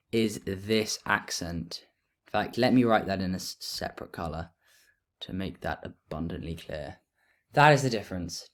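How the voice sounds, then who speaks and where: A man explaining grammar in a relaxed lesson, thinking aloud as he writes notes. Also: deep voice, normal speed. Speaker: teacher.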